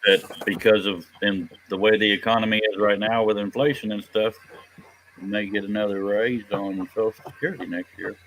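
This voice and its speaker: Casting: low-voiced man, casual stream host, tired and offhand, faint hiss behind. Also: steady tone, fairly quick, fairly bright tone, poor audio. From Texas. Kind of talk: casual chat. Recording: faint background noise.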